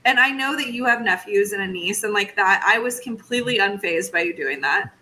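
A woman, a mother hosting a podcast, talking in a chatty, quick way with lots of fillers. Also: mid-range voice, expressive, pushed and bright, a little hiss or hum, rough recording. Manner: chatty, fast, uses many fillers. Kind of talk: casual chat.

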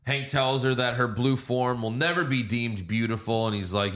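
A man's voice: mid-range voice, steady tone, normal speed, fairly bright tone. A man hosting a casual movie review podcast, retelling scenes and acting out lines with plenty of swearing. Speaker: podcast host.

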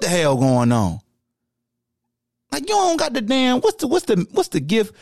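A man's voice: extremely high pitch, normal speed, creaky, dry recording, clean studio sound. A man hosting a sports podcast, ranting with heat in casual, slangy talk. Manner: animated, slangy, heated ranting. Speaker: podcast host.

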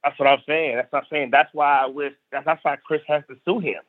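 A man's voice: a little high, fairly even intonation, brisk, no echo. A man from South Carolina, a stand-up comedian guest, chatting casually and emphatically, repeating phrases as he rants. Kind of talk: casual podcast chat. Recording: tinny phone-like dry sound.

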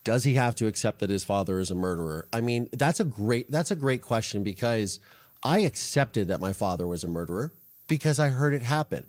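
An earnest man in his forties talks as a podcast guest. His speech is halting, full of restarts and repeated words as he works through heavy thoughts. His voice sits at an ordinary middle pitch. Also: a little mellow. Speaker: interview guest. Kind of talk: emotional podcast interview.

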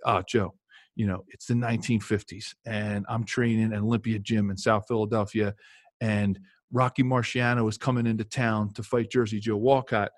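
A man's voice: on the low side, fairly even intonation, moderate pace, no room sound, studio quality, natural voice. A man voicing his older father, a joking former boxer telling a proud story. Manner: playful, baiting.

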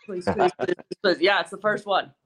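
A woman's voice: lowish voice, moderate pace, breathy edge. A woman sports reporter as a podcast guest, joking and chatting casually. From South Africa, raised in Colorado. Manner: playful, self-mocking, chatty. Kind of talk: casual interview chat.

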